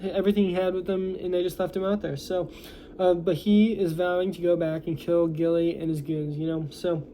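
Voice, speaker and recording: A man's voice: high voice, little pitch movement, a little fast, warm tone, slight background noise. A young American man recapping a movie plot in a casual, rambling way, full of fillers and restarts. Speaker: movie reviewer.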